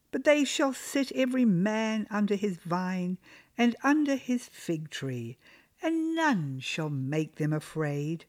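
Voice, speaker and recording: Slow, earnest woman teaching scripture. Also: lowish voice, darkish tone. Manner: slow, earnest, reads scripture aloud and lingers on key words. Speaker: women's Bible teacher. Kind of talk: devotional Bible teaching.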